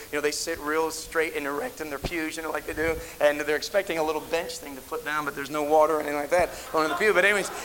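Here a middle-aged man, a pastor, delivers a sermon built on stories, wandering through them and frequently starting over. He has a fairly high, slightly bright voice. Slight background noise sits under a rough recording.

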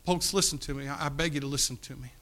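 Earnest preacher telling a story. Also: male voice, on the high side, fast. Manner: earnest, pleading, swings from loud to hushed. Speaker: pastor. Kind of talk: storytelling sermon.

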